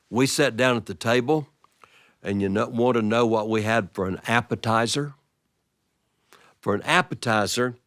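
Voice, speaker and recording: Man, storyteller, expressive, playful timing, mid pitch, dry close recording. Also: no room sound. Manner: expressive, drawn-out pauses and lively vocal play. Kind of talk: told personal story for an audience.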